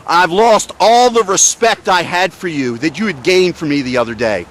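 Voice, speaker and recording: Guy with a high voice filming cops outside, sarcastic and preachy. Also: moderate pace, fairly bright tone. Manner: indignant, sarcastic, lecturing. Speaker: protester filming police. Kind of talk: confrontational street recording. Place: outdoors beside a road.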